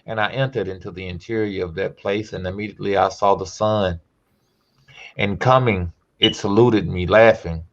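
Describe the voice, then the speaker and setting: A man hosting a podcast who reads a scripture text aloud slowly and emphatically, breaking off for casual asides. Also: on the low side, fairly even intonation, lo-fi sound. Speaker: podcast host.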